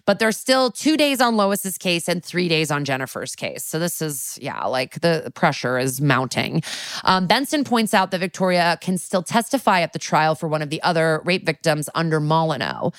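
A woman's voice: deep voice, lively intonation, normal speed, no echo, studio quality. A woman co-hosting a podcast, chatting casually while recapping a TV episode, swearing freely and saying "like" a lot. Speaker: podcast co-host.

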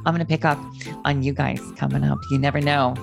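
A middle-aged man hosting a call-in show, chatting and telling a story in a lively, animated way. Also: mid-range voice, fast talker, vocal fry, music in the background. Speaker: host. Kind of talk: casual chat show talk. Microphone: video call.

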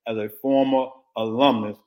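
An older man, a former football coach, giving blunt, animated opinions in casual sports talk. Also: mid-range voice, moderate pace, narrow, tinny audio.

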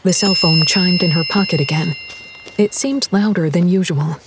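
A woman reading a horror audiobook in a measured, deliberate storytelling voice. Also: fairly low pitch, background noise. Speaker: narrator. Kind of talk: scripted horror audiobook narration.

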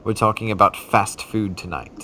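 A man playing a prim British gentleman on a comedy podcast, speaking in a put-on British accent and agreeing with dry, giggly remarks. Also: on the low side, normal speed, background noise, close to an everyday voice. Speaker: podcast co-host. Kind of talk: comedic podcast character chat.

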